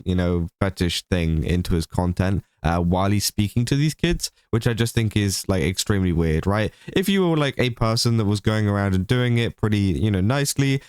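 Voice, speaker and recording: A man's voice: fairly low pitch, darkish tone, clear, resonant tone, no echo, studio quality. A man hosting a casual commentary video, rambling with lots of fillers and small laughs. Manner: rambling, many fillers, laughs between points. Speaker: commentary channel host.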